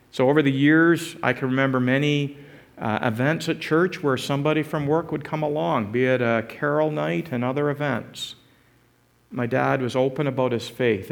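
A pastor preaching a sermon, telling a personal story in an earnest way and building to emphatic exhortation. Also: male voice, medium pitch, gravelly. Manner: animated, rising to emphatic exhortation.

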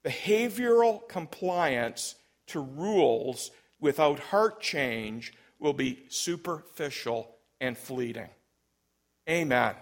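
A man, a pastor, preaching an emphatic sermon and telling stories. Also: mid-range voice. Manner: emphatic, storytelling, big swings in loudness.

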